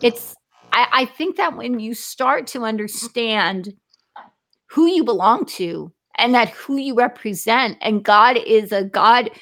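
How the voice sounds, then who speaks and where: A woman's voice: on the high side, expressive, takes it slowly, a bit bright. A woman hosting a faith talk show, speaking in an earnest, thoughtful, affirming way. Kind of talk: conversational interview.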